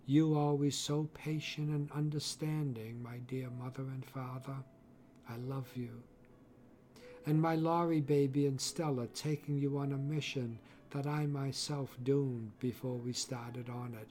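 A man voicing a dying young woman, speaking softly and apologetically, quieter than his narration. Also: mid-range voice, fairly even intonation, unhurried, slight background noise, close to an everyday voice. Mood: hushed apologetic. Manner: soft, hushed, apologetic.

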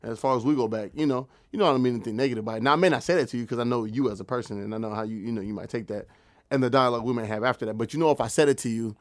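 A man's voice: mid-range voice, very fast, no room sound, studio quality. A man talking casually and animatedly on a podcast, telling stories and acting out what others said. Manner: animated, storytelling with quoted voices. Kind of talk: casual chat.

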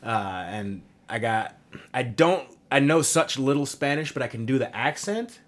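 A man in his thirties hosting a podcast, chatting in a relaxed and rambling way and swearing casually. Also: mid-range voice, unhurried. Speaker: podcast host. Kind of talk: casual chat.

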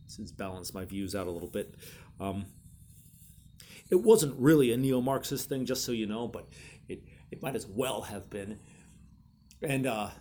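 Guy host telling prank stories, gravelly voice, jumps up high for quotes, bit of hiss behind. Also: a little mellow. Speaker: podcast host. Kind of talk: casual storytelling monologue.

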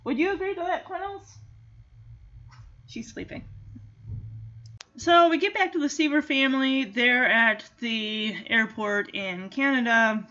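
A woman's voice: high voice, measured pace, long pauses, sharp tone. A woman chatting casually as she recaps a film, exclamatory, with many restarts. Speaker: movie recap vlogger. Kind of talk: casual chat. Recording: dull lo-fi audio.

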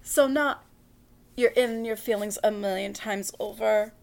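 A woman hosting a podcast in a casual monologue, brash and profane, talking quickly and joking with frequent laughs. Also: mid-range voice, vocal fry. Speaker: podcast host.

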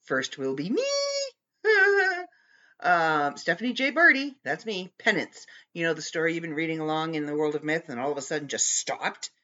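Animated woman podcast host, bright voice. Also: low-pitched, normal speed, lo-fi sound. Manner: animated, bickering playfully with someone off-mic. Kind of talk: casual chat.

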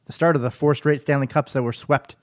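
A man's voice: mid-range voice, steady tone, fairly quick, no room sound, clean studio sound. Hesitant, stammering man guest. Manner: hesitant, repeats words. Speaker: podcast guest. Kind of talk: casual chat.

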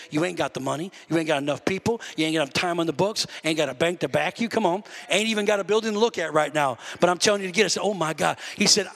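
A man pastor preaching a sermon, animatedly acting out his talks with God and shouting at the peaks. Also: high voice. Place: church sanctuary. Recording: long reverb of a church hall.

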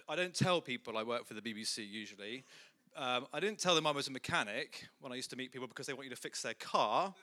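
A man's voice: a little high, pushed and bright. A man giving a humorous, self-deprecating talk to a church audience, full of jokey asides. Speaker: guest speaker.

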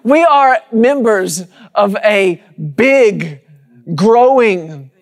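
In a church sanctuary before his congregation, a pastor preaches a sermon with rhythmic repetition, calling out to his listeners. His voice sits high and is expressive, and he speaks very slowly.

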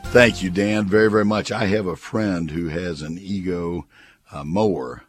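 A man's voice: normal speed, husky, soft background music. An older man hosting a radio gardening call-in show, folksy and chatty, reading live ads and taking callers. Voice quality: squeaky voice, as he says. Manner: folksy, chatty, leans on repetition. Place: radio studio.

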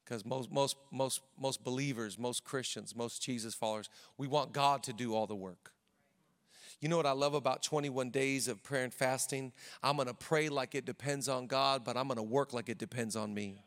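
A male pastor preaching a sermon in a church, energetic and emphatic, rallying the congregation. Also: medium pitch, normal speed, big-room sound.

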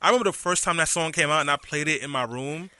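Man, radio host, quick teasing banter, sharp bright voice. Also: a little high, no echo. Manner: teasing, joking, fast talk. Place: radio studio. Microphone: studio mic.

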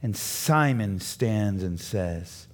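A man preaching as pastor, delivering an animated sermon that builds to emphatic peaks. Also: lowish voice, drawn-out words. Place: church.

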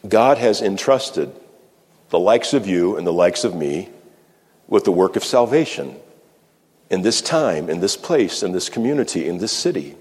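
Male pastor, fairly low voice, preaching with deliberate pauses; reverberant sanctuary sound. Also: expressive, a little mellow. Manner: measured preaching with slow emphatic pauses. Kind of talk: sermon. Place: church sanctuary. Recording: long reverb of a church hall.

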